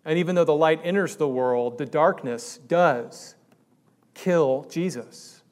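Animated man preaching a sermon. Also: a little high. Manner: conversational preaching, rising to emphatic peaks. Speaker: pastor.

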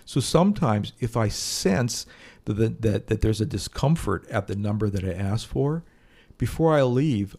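A man's voice: on the low side, expressive, normal speed, warm tone. A man co-hosting an advice podcast, telling stories bluntly in casual chat and laughing now and then. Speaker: podcast co-host.

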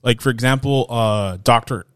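A man's voice: mid-range voice, moderate pace, a bit bright, no echo, clean studio sound. A man co-hosting a casual film podcast, laid-back and chuckling, often trailing off mid-sentence. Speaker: podcast co-host.

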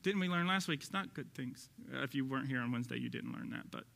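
A male pastor with a Texas accent preaching an animated, joking sermon, acting out quoted voices and sometimes shouting. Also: mid-range voice, fast talker, gravelly.

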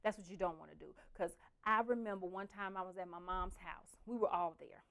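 A young adult woman telling family stories in a casual, profane, animated way, slipping into the voices of her relatives. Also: fairly low pitch, fairly quick, creaky. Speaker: storyteller. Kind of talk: casual storytelling.

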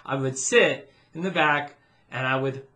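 A man's voice: medium pitch, a little slow, pushed and bright. A man telling anecdotes in casual podcast chat, proudly acting out the quoted lines in his stories. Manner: chatty storyteller, proud, acts out quoted voices. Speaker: podcast co-host, former theme park cast member.

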